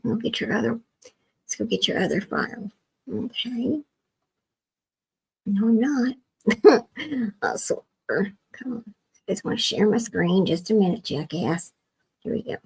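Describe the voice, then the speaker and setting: A woman's voice: mid-range voice, vocal fry, breathy edge, low-quality recording. A woman hosting a livestream in a casual chat, talking to herself while she works her screen, often dropping to a near whisper. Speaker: livestream host.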